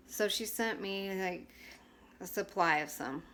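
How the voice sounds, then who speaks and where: A woman's voice: deep voice, moderate pace, fairly bright tone, slight background noise. A woman in her twenties telling a personal story to camera in a frank, chatty way, with many fillers and restarts. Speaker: vlogger.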